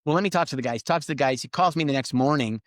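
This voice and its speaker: Middle-aged male podcast guest, animated raconteur, plays out dialogue, dry recording. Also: a little high, racing, no room sound. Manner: animated storyteller, acts out quoted lines. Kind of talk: casual storytelling interview.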